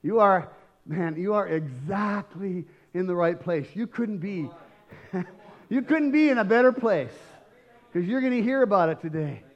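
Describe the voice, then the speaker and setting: A man preaching a sermon as pastor, emphatic and rising to shouts, often asking the congregation questions. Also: high-pitched, expressive, a little slow, muffled recording.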